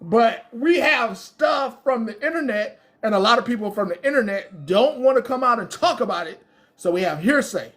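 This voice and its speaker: A woman mimicking a deadpan police investigator. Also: on the high side. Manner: slow, deadpan official delivery. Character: flat, by-the-book police investigator.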